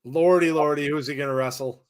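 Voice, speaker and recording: A man hosting a live wrestling watch-along, chatting casually, laughing often and breaking into excited shouts. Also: fairly high pitch, a little fast, smooth. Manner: chatty, laughs often, reads viewer comments. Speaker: host.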